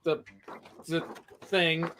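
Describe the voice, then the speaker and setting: A man's voice: a little high, little pitch movement, drawn-out words, bright, forceful tone, a little hiss or hum. A man chatting casually on a livestream about his comic art, rambling and joking at himself. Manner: rambling, self-mocking, trailing off. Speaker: comic artist.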